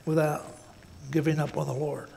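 Man, pastor, sermon, folksy and plain-spoken, high voice, long hall reverb. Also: flat delivery, normal speed, vocal fry, dark tone. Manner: folksy, repeats words, says "man" often. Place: church sanctuary.

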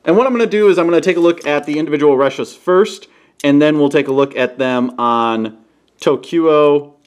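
A man casually reviewing toys on camera, playful, often breaking into goofy high-pitched exclamations. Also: darkish tone. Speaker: toy reviewer. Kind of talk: casual hands-on product review. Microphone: camera he sets up himself.

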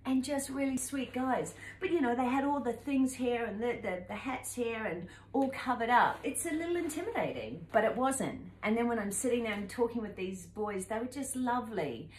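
A woman in her fifties with a New Zealand accent, telling a travel story to camera in a lively, animated way and acting out the voices in it. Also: a little high, normal speed, hardly any pauses, reverberant, slight background noise, poor audio. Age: 50s. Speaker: travel vlogger.

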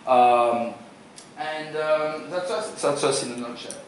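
At a conference presentation in a hotel meeting room, a forties-aged man from France runs a sales seminar, joking and quizzing his audience in a French accent. His voice is on the high side and he takes it slowly. The mic is distant, the room very echoey, with slight background noise.

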